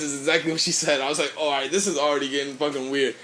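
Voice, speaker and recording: A man's voice: a little high, quick pace, bright, forceful tone. A young man, a podcast co-host, telling a loose, rambling story in casual chat, swearing freely.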